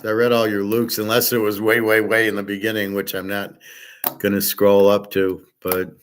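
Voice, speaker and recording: A man teaching a relaxed online class, blunt and profane, rambling with restarts and answering viewers' chat. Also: on the low side, moderate pace, a little hiss or hum. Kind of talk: casual livestream lecture.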